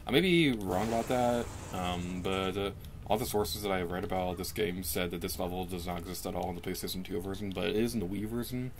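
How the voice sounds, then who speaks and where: A young man with a fairly low voice talks through a video game in a relaxed, self-mocking way, and his pitch leaps up whenever something excites him. He records at home on a desk microphone, with a faint hum of room noise behind him. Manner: chatty and self-mocking, with quick pitch jumps when excited. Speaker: let's play commentator. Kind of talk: casual gameplay commentary.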